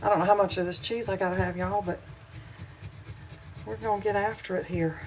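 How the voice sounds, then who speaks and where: A woman's voice: medium pitch, fairly even intonation, brisk, a little hiss or hum, poor audio. A middle-aged woman with a Southern American accent, chatting with viewers on a casual cooking livestream, homey and rambling, a little wheezy from hay fever. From Southern United States. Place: home kitchen.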